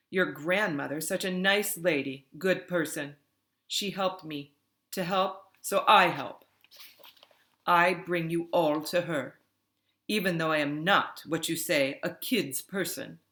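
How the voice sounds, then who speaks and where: A woman voicing a brusque middle-aged female caretaker who speaks loudly in clipped phrases. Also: fairly low pitch, slow pace.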